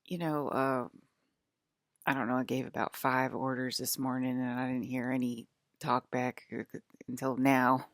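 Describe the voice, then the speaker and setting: A woman with a bass voice delivers a loose, rambling monologue at a moderate pace and level tone, full of restarts. She laughs often and mocks the voices of people she quotes, and the recording is clean studio sound with no echo.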